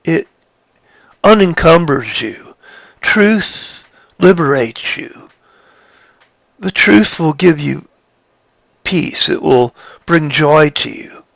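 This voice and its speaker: A man giving a reflective spiritual talk, halting and repeating his phrases, shifting his tone of voice for emphasis. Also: fairly high pitch, expressive, creaky, a bit bright, dry recording. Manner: plays with tone of voice for emphasis. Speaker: spiritual speaker.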